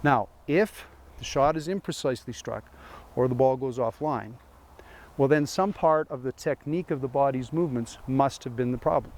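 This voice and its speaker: Man, golf instructor, chatty lesson, dry sarcasm, rhetorical questions, mid pitch, faint background noise. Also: normal speed, a little mellow. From Canada. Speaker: golf teaching pro.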